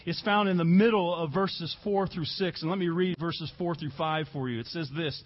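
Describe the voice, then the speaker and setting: A man preaching a sermon as pastor, earnest, stressing key words slowly and repeating himself for emphasis. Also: on the high side, muffled recording.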